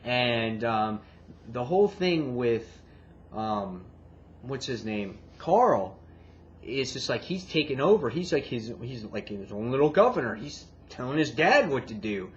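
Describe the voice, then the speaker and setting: Excitable man with a lo-fi sound. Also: medium pitch, unhurried. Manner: excitable, swears, acts out reactions. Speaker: comic book reviewer. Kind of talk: casual retelling and review. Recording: dull lo-fi, faint background hiss.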